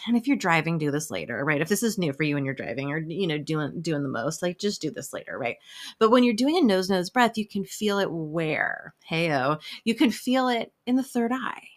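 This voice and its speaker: A woman who works as an emotional health specialist, talking casually about breathwork with lots of swearing, jokes and laughter. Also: low-pitched. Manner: profane, playful, laughs often. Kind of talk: casual spoken talk.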